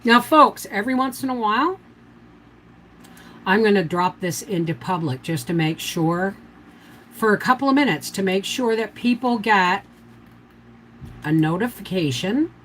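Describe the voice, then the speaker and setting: Walking her livestream viewers through canning one step at a time, this older homesteader keeps the chat rambling and casual. She has a mid-range, fairly bright voice with lively intonation, speaking a little slowly and pausing often. The low-quality audio carries a little hiss or hum.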